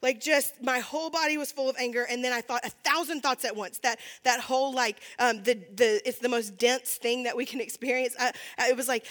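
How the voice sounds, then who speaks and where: Woman preacher, high and bright, chatty storytelling sermon, self-mocking. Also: a little fast. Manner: chatty, many fillers, laughs at herself.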